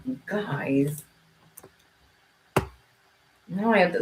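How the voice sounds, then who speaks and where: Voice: medium pitch, sing-song, unhurried, pauses often, a little mellow, slight background noise. A livestream host chatting casually with viewers, playful and teasing, laughing often. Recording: echoey room.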